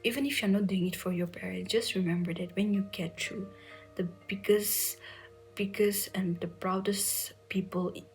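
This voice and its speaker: A young woman telling an emotional personal story, softly and often near a whisper, tearful at times, with many fillers. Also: medium pitch, fairly even intonation, normal speed, faint music behind, rough recording. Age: young adult. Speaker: medical entrance exam aspirant sharing her story.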